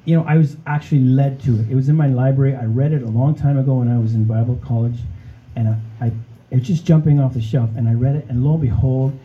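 A man's voice: mid-range voice, fairly even intonation, fast, hardly any pauses, lo-fi sound. A man preaching a sermon in a conversational way, often checking in with "okay?" and addressing the congregation as friends. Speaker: pastor.

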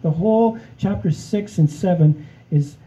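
A man's voice: sits high, measured pace, warm tone, low-quality recording. A man preaching a sermon in a conversational way, often checking in with "okay?" and addressing the congregation as friends. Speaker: pastor.

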